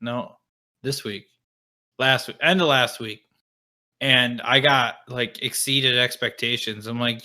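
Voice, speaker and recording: A man's voice: mid-range voice, steady tone, slow, bright, forceful tone. A young man co-hosting a podcast, talking bluntly with profane wisecracks. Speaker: podcast co-host. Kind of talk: casual chat.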